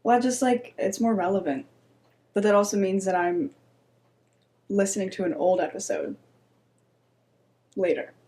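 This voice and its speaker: A woman's voice: medium pitch, measured pace, long pauses, mellow. Woman co-host with dry teasing asides. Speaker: podcast co-host. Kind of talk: casual chat.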